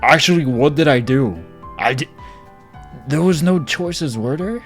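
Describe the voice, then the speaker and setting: A man reacting to a visual novel playthrough, excitable, jumping from low mumbling to sudden yells. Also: a little slow, faint music behind. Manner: excitable, jumps from mumbling to yelling. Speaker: gaming channel host.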